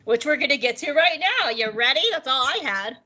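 Chatty woman podcast cohost, jokey recap, bright voice. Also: high voice, brisk, slightly rough, rough recording. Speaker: podcast co-host. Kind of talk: casual episode recap.

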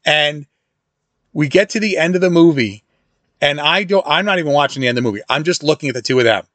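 A middle-aged man reviews a horror film in a loose, rambling monologue, speaking fast with a slightly raised, fairly high and bright voice. He keeps restarting sentences, circling back, and drifting into side stories, and the sound is dry and close with no room echo.

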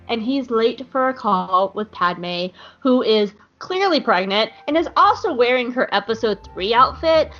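A woman hosting a casual recap show, animated and playful, swearing freely. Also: a little high, lo-fi sound. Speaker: podcast host recapping an episode. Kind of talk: casual chat.

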